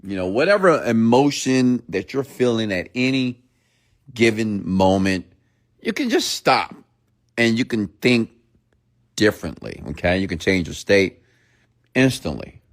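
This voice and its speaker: A man's voice: lowish voice, big pitch swings, measured pace, long pauses. A middle-aged man giving a playful late-night motivational rant as a speaker, now and then mimicking people for effect.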